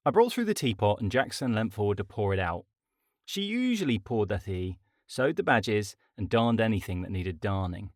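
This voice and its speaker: Wry male audiobook narrator, low voice. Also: very animated, normal speed, dry recording, clean studio sound. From Britain. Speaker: author and narrator.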